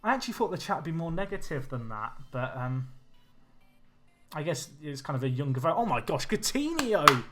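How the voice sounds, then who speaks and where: A young man chatting with his viewers while he plays, excitable and casual. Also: a little high, fairly quick. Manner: chatty, excitable, talks to chat. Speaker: streamer. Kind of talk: live game commentary and chat. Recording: faint music behind.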